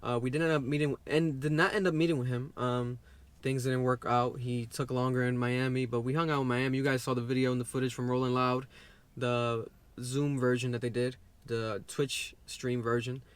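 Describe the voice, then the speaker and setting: A man's voice: medium pitch, little pitch movement, moderate pace, smooth. A young man chatting casually as a vlog co-host, rambling and restarting his sentences. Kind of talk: casual chat.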